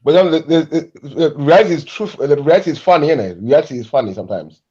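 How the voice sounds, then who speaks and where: A man on a stream panel in casual chat, chiming in loudly with short remarks. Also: on the high side, lively intonation, fast, breathy edge, dull audio. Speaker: panel guest.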